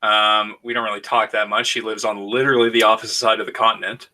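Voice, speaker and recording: Bright-voiced man telling stories. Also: lowish voice, fast. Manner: animated storyteller, acts out quoted voices. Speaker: podcast co-host. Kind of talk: casual chat.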